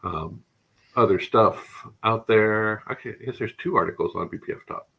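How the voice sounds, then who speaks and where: A man hosts a casual tech livestream, his voice bright and forward with a husky edge that sits a little low. He talks with real enthusiasm and drifts into rambling asides. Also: normal speed, poor audio. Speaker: show host.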